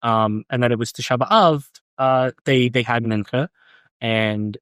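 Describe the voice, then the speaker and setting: A young man in his twenties speaks at a middle pitch, stumbling over his words and circling back as he recounts a personal story. He sounds close and dry on a podcast microphone, with no room around him. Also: fairly bright tone, smooth, no room sound. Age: young adult. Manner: halting, repeats words, many ums. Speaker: guest. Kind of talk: casual interview storytelling.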